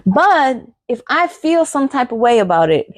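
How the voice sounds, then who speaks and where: A middle-aged woman hosts a podcast, giving an earnest motivational monologue full of repeated phrases and rhetorical questions. Her voice sits high, with big pitch swings and a slightly slow pace.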